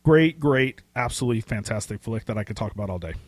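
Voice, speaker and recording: Rambling, excitable male podcast co-host. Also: lowish voice, quick pace, dry recording. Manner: rambling, excitable, swears casually. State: losing his voice. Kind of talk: casual chat.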